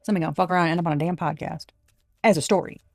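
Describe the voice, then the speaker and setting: A woman giving a casual tarot reading, blunt and animated, swearing freely. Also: on the low side, racing, gravelly, no echo, clean studio sound, faint music behind. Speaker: tarot reader.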